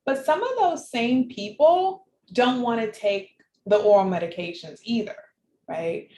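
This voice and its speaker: A woman guest in an interview, telling her personal story in an animated way and laughing often. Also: fairly high pitch, unhurried. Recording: echoey room with faint background noise.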